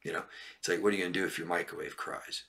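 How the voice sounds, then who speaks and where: A man's voice: low voice, level tone, rapid-fire, creaky, bright, forceful tone. A man coaching on relationships during a live stream, reading viewer questions and answering bluntly, often checking in with "right?" and "okay?".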